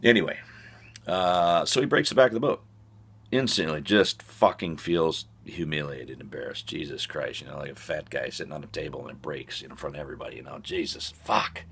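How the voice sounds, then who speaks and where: A man's voice: rumbling low, fairly quick, creaky, fairly bright tone, breathy edge. A man telling a comic, profane, rambling story full of fillers. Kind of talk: comic monologue.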